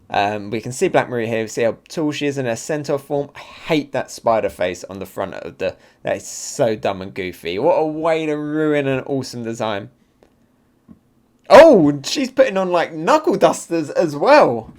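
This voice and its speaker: A man reviews a new comic chapter live. He is excitable and thinks out loud. His pitch jumps up in the excited bits and drops low when he mulls things over. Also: normal speed. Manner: excitable, thinks aloud, frequent fillers. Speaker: manga reaction channel host.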